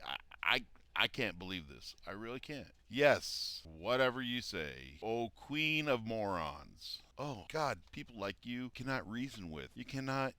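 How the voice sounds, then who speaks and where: A man's voice: mid-range voice, pushed and bright, dry recording. A man giving angry, mocking reaction commentary, exasperated and swearing as he rebuts a video.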